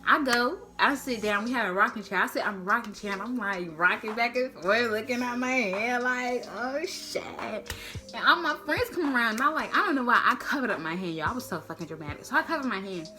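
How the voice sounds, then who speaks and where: Lively, high-voiced woman telling a story. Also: fast talker, hardly any pauses, soft background music. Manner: slangy, profane, animated, acts out quotes. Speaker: storytime vlogger. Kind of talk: casual storytelling to camera.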